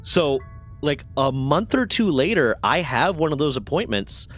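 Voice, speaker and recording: A man's voice: fairly high pitch, sing-song, measured pace, fairly bright tone, faint music behind. A man casually telling a long story to a live chat, rambling and self-deprecating with lots of fillers.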